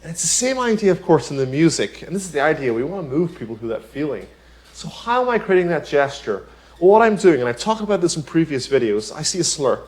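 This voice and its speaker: A man's voice: a little high, very animated, quick pace, a little mellow. Chatty male piano teacher. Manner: chatty, many "you know" asides and rhetorical "isn't it?"; explains with everyday examples. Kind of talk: casual spoken tutorial.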